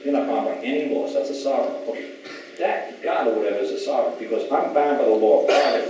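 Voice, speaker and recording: A man's voice: mid-range voice, fast talker. A man giving an emphatic storytelling talk to a live audience. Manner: emphatic, retells exchanges in quoted voices. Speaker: speaker at a public talk. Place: large echoey event hall. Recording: echoey hall from far off, faint hiss.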